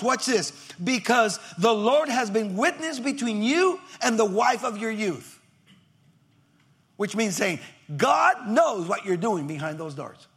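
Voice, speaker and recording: A male pastor with an extremely high-pitched voice preaches emphatically, swinging between shouts and near whispers while acting out members of his congregation.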